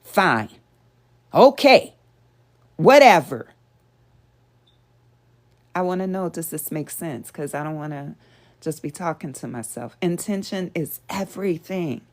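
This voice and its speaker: Her voice sits low and sounds mellow, moving at normal speed. As a show host, she earnestly and conversationally teaches a live audience about spiritual principles, often asking them rhetorical questions.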